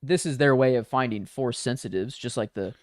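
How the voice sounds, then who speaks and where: A man's voice: mid-range voice, a little fast, a little mellow, no echo, clean studio sound. A man co-hosting a casual podcast, loose and questioning, swearing freely. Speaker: podcast co-host.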